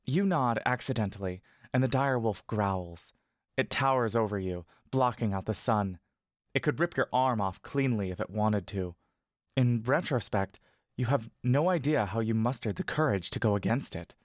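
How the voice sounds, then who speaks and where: A man giving scripted second-person story narration in a steady, measured manner. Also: fairly low pitch, no echo, clean studio sound. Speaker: audio narrator.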